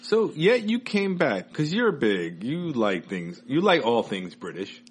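A man's voice: medium pitch, big pitch swings, a little slow, husky. A man hosting a podcast, chatting casually in a playful, teasing way. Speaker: podcast host. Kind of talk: casual chat.

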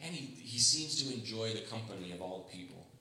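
A man's voice: on the low side, expressive, fast, vocal fry, pushed and bright, slight background noise. A man preaching a sermon as pastor, conversational and humorous, often acting out the voices he quotes. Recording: echoey room.

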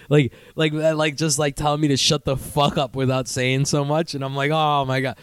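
A young man hosting a casual solo podcast, telling stories with high-pitched impressions and sudden squeaky outbursts. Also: fairly even intonation, a little fast, hardly any pauses, clean tone, no room sound. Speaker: podcast host.

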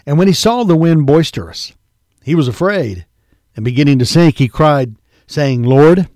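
A male preacher with a warm, medium-pitched voice reads scripture in King James phrasing during an earnest sermon, calling his hearers "folks" and "believer." The sound is clean studio quality with no echo.

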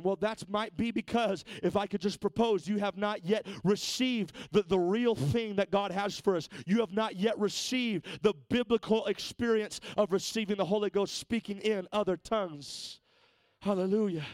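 A high-pitched male preacher delivering a Pentecostal sermon. He stumbles and repeats words, swinging between chatty asides and fervent calls to worship. The sound is close and dry. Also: normal speed, dry recording. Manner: repeats words, builds from conversational to fervent exhortation. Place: church sanctuary.

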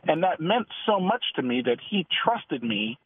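A middle-aged man, a guest author, telling a lively story and acting out the dialogue in a radio interview. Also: a little high, moderate pace. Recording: husky, dry, phone-line sound.

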